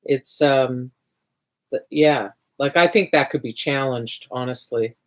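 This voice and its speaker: A woman's voice: a bass voice, slow. A woman hosting a livestreamed art party, chatting casually as she draws, often restarting her sentences and muttering to herself while she works.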